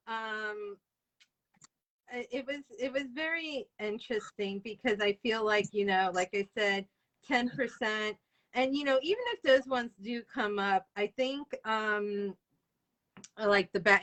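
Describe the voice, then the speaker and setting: A middle-aged woman interviewing an author over a video call, chatty and effusive, reading out figures in a relaxed way. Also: mid-range voice, low-quality recording. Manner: chatty and gushing, laughs and tears up in sympathy. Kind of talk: casual interview chat.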